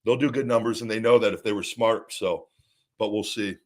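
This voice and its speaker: A man's voice: fairly low pitch, brisk. A man hosting his own show, ranting in a casual, rambling monologue full of swearing, retelling conversations as quoted dialogue and repeating himself. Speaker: show host.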